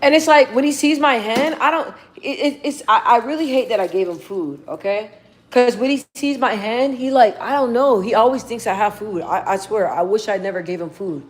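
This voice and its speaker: A young woman chatting casually on a livestream, slangy and relaxed as she talks to her viewers and her dog. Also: on the high side, moderate pace. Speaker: livestream host.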